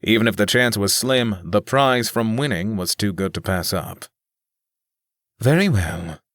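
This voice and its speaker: A man narrating a fantasy audiobook in a steady, even reading. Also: fairly low pitch, moderate pace, dry recording. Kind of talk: scripted narration.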